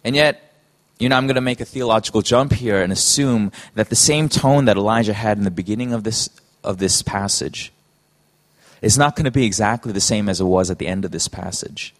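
A man preaching a sermon in an earnest, halting way, often restarting his phrases. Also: lowish voice.

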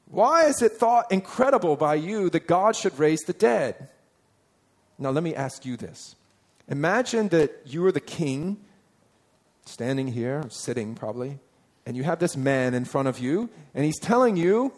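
A man delivers a sermon in a fairly high voice, talking to his listeners as if in conversation. He keeps asking them questions and reads scripture passages aloud with emphasis. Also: a little mellow. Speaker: preacher.

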